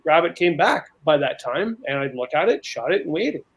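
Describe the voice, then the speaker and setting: A man's voice: on the high side, expressive, fairly quick, poor audio. A man telling long, rambling outdoor stories in a casual panel chat, with frequent restarts. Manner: rambling storyteller, many restarts.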